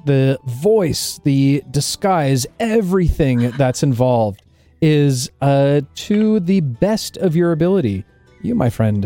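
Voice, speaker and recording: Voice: mid-range voice, dark tone, dry recording. A game master narrating a tabletop role-playing game, describing scenes with a few fillers.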